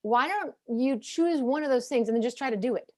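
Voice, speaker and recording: A woman in her forties moderating a panel over a video call, chatty and quick to laugh while telling family stories. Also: sits high, lively intonation, a little mellow, no echo, clean studio sound. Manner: chatty, laughs easily, plays out family dialogue. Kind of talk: casual panel talk.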